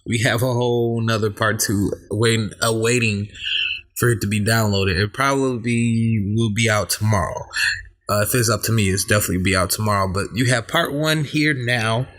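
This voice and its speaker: A man's voice: lowish voice, moderate pace, a bit bright. A man co-hosting a podcast, talking in a loose, laid-back way with many fillers. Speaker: podcast co-host. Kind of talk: casual podcast chat and outro.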